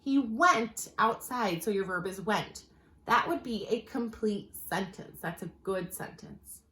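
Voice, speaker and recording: Woman, teacher, writing lesson, patient clear explaining, slow stressed examples, echoey room. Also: medium pitch.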